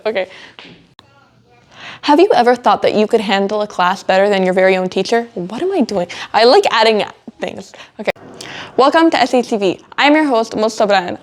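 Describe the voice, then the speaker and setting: A teenage girl with a slightly high voice hosts a student show. She keeps breaking into giggles and restarting her lines, flustered but cheerful. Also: animated, moderate pace. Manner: giggly, flustered by slip-ups. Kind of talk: outtakes of a school show.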